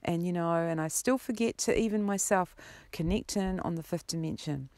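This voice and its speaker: A woman spiritual teacher talking in an earnest, gentle, rambling way in a casual vlog monologue. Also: on the low side, moderate pace, no room sound.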